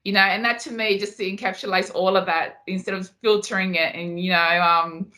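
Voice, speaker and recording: A woman's voice: mid-range voice, fairly even intonation, normal speed, pushed and bright. A woman guest on a podcast interview, talking passionately and often repeating words as she makes her point. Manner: passionate, repeats herself when emphasizing. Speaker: podcast guest, Muay Thai fighter. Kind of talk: casual interview.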